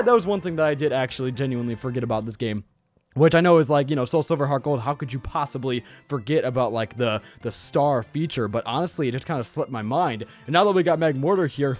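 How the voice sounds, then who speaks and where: A man hosting a let's play video, talking in an excitable, hyped way with casual swearing. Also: fairly high pitch, brisk, soft background music. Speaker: gaming channel host.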